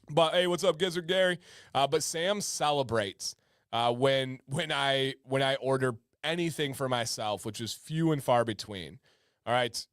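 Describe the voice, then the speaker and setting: A man's voice: mid-range voice, clear, resonant tone, no echo, studio quality. A man hosting a casual livestream, reading chat aloud and joking with viewers. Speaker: livestream host.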